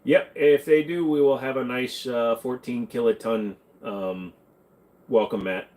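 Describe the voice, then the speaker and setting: A man at middle pitch runs a relaxed livestream Q&A. He reads viewers' questions and answers them with quick jokes and shrugging asides. His tone stays loose and conversational throughout. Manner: jokey, offhand, reads and answers chat. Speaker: streamer answering chat questions. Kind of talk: casual livestream Q&A.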